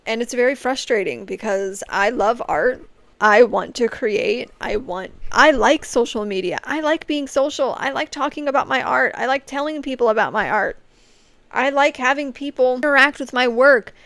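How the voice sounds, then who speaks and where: A woman's voice: a little high, normal speed, a bit bright, dry recording. Frustrated woman vlogging in a dry room. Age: late 20s. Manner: frank, rambling, restarts often, frustrated about social media. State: on the verge of tears. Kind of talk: casual talking-to-camera vlog.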